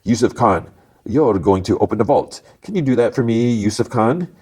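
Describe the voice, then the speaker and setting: A man voicing a smug, cool male Irish bank robber leader in a rough attempt at an Irish accent, drawing out his words mockingly. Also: on the low side, lively intonation, moderate pace, dark tone, voice pushed up. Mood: commanding. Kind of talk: recapping a show with acted quotes.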